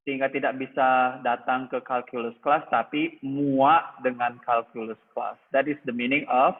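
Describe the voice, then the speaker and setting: A man with an Indonesian accent teaching an English test-prep class. He quizzes the students and explains each answer. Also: medium pitch. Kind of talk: TOEFL listening class review. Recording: tinny phone-like sound with long echo.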